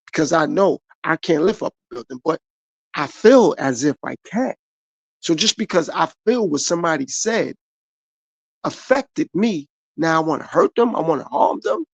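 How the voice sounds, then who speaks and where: A man's voice: high voice, animated, moderate pace, vocal fry, no room sound, dull audio. A middle-aged man from the United States, talking earnestly and repetitively about his own life in a motivational podcast monologue. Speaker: podcast host.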